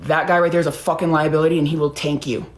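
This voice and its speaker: A woman playing a calm male manager who speaks steadily and firmly. Her own fairly low voice does the part, with a roomy echo behind it. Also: racing, close to an everyday voice.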